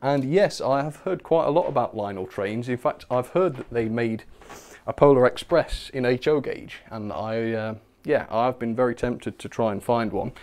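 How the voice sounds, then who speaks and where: On his model railway livestream, a young man talks at a moderate pace with few pauses in a slightly mellow mid-range voice. He's relaxed and chatty with viewers, giggly and self-deprecating, reading chat messages out loud.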